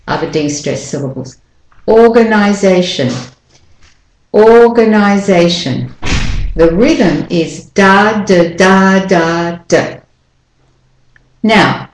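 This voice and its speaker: A woman gives a pronunciation lesson, breaking words into syllables and saying each word again and again. Her voice sits a little low and she speaks very slowly. The sound rings in an echoey room. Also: a little mellow. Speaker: pronunciation teacher. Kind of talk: slow, deliberate pronunciation lesson.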